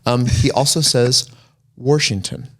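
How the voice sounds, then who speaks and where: A man's voice: mid-range voice, sing-song, a little fast. A man from Texas hosting a podcast, chatting in a playful, storytelling way. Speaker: podcast host. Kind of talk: casual chat.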